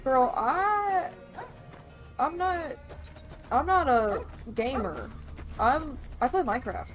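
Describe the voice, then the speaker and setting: A young woman talks over gameplay in a high voice and an unhurried drawl. She gets flustered and panicky, swears, and mocks her own lack of skill, with faint music under her voice. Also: big pitch swings. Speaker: let's play gamer. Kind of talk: casual gameplay commentary.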